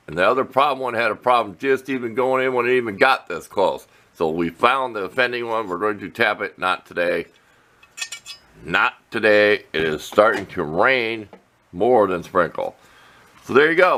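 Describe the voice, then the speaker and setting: Rambling low-voiced man in a workshop. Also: sharp tone. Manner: rambling, folksy, self-correcting. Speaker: small engine repair vlogger. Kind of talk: casual workshop demonstration. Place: workshop shed.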